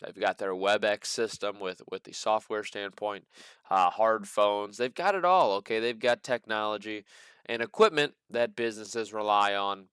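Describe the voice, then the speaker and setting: A man's voice: on the low side, normal speed, fairly bright tone, clear, resonant tone, dry recording, studio quality. A man hosting a casual stock market commentary, rambling through earnings reports with joking, sarcastic asides. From American Midwest. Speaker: stock market channel host.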